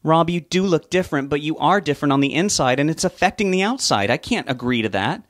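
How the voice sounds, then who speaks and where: A man's voice: fairly high pitch, expressive, fast talker, fairly bright tone, dry recording, studio quality, pitched above the performer's own voice. A man reading aloud, raising his voice to play a worried, impatient young woman. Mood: pressing.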